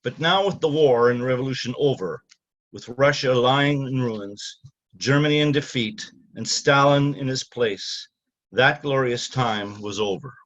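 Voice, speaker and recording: Halting older man from Canada, dull recording. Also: medium pitch, fairly bright tone. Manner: halting, many fillers and restarts when speaking freely. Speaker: author at a reading. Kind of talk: talk then reading from his novel.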